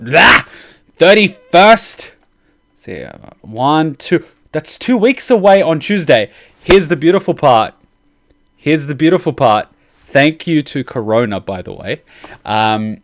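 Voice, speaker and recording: A man hosting a casual reaction video, gushing excitedly and swearing like a big fan. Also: medium pitch, dry recording, clean studio sound.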